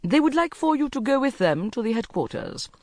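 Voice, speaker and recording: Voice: mid-range voice, big pitch swings, brisk, no room sound, clean studio sound, pitched above the performer's own voice. The audiobook narrator voicing a formal, deferential hotel head concierge speaking politely to a guest. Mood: courteous. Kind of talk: audiobook character voice.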